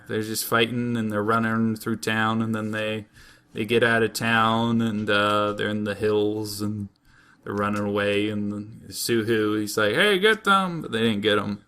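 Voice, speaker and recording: A man's voice: fairly low pitch, pushed and bright, clean tone. A man co-hosting a podcast, recapping a show in a rambling, jokey way and slipping into silly put-on voices. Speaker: podcast co-host. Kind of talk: casual comedic recap.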